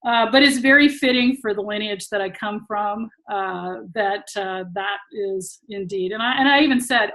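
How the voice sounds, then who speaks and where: A woman's voice: medium pitch, moderate pace, hardly any pauses, a bit bright, poor audio. A woman who teaches tantra talks casually to an online audience over a video call and laughs often while she tells stories.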